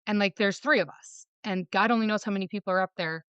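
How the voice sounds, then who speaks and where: A woman's voice: mid-range voice, fairly bright tone, smooth, dry recording, lo-fi sound. A woman from Michigan, a podcast guest, telling a personal story and quoting others as she goes, with lots of "like.". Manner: fast retelling, quoting others with "like".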